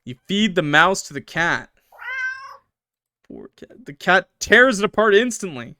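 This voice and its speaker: A man's voice: sits high, very animated, a little slow, pushed and bright, no echo, studio quality. A young man playing a horror game, reading its text aloud with dramatic swings and joking asides. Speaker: gaming YouTuber.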